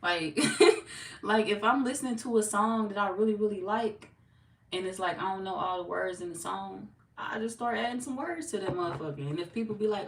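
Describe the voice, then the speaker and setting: On a noisy recording from an echoey room with a distant mic, a tarot reader hosts a casual live stream. She speaks a little fast in a mid-range voice, laid-back and chatty as she reads out what viewers comment.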